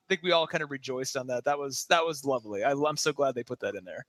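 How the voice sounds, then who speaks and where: A man co-hosting a casual podcast chat, animated and laughing as he acts out characters' lines. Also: medium pitch, fast talker, hardly any pauses, no room sound. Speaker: podcast co-host.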